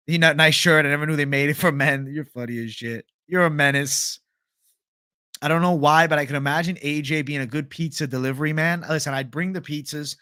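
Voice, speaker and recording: A young adult man hosting a live stream talks a little fast in a fairly high, pushed, bright voice with fairly even intonation. He reads viewer comments in a laid-back, chatty, profane manner, recorded in clean studio sound without echo.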